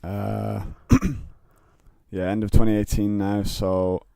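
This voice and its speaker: Mellow-voiced Northern English man chatting. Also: on the low side, little pitch movement, takes it slowly, vocal fry, no echo, studio quality. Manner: rambling, lots of fillers and restarts. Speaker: podcast guest. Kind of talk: casual chat. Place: home studio.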